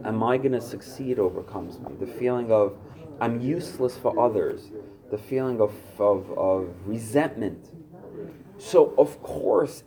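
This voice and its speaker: A man's voice: on the low side, mellow. A man speaking to a recovery group workshop, earnest and searching, with many fillers as his talk builds in intensity. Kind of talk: personal share at a recovery workshop.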